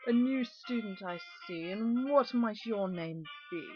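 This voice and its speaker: A woman's voice: medium pitch, lively intonation, unhurried, close to an everyday voice. A woman voicing a stern older male professor who speaks in a clipped, disdainful way, over game music. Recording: dull recording with game music.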